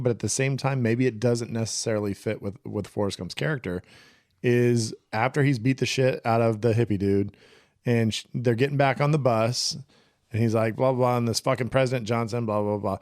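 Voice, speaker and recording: A man co-hosts a casual movie podcast in a mid-pitched voice. He chats eagerly and peppers his sentences with "like". The sound is dry and close to the mic. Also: normal speed, no room sound. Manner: excitable, heavy with "like".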